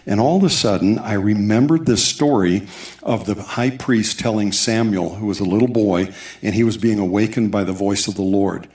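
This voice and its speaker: A man with a fairly low voice preaches a personal testimony, telling it as a story with asides and quoted bits of dialogue. The sound carries the echo of a big church hall. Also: darkish tone. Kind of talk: sermon testimony. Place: church sanctuary.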